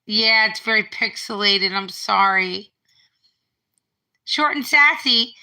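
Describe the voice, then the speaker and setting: A woman's voice: mid-range voice, slow pace, pushed and bright, low-quality recording. A middle-aged woman rambling on a live stream from home, reading out viewer comments as she talks. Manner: rambling, reads out viewer comments, restarts often. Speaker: livestreamer. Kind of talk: casual live-stream chat. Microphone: phone.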